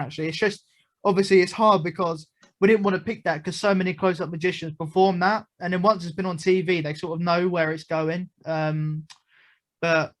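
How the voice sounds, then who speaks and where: A man's voice: on the high side, a bit bright. A young man from the United Kingdom, a magician being interviewed, chatting casually and telling stories with lots of fillers and asides. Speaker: magician guest.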